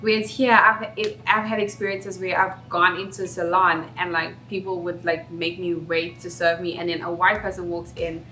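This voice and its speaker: A woman's voice: lowish voice, flat delivery, moderate pace, hardly any pauses, pushed and bright. A young South African woman with a South African accent, talking candidly and reflectively in a chatty vlog. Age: young adult. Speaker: vlogger. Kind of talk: casual vlog talk. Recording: roomy echo, faint background music.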